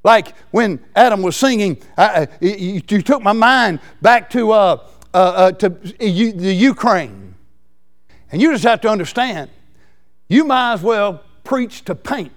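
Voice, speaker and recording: A man preaching a folksy, excitable sermon. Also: high-pitched, unhurried. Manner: excitable, folksy, laughs between lines.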